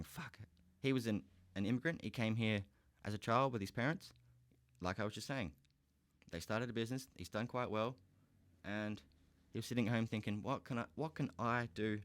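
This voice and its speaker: A man's voice: lowish voice, no echo. An Australian man hosting a podcast, giving a heated, profane solo rant. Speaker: podcast host.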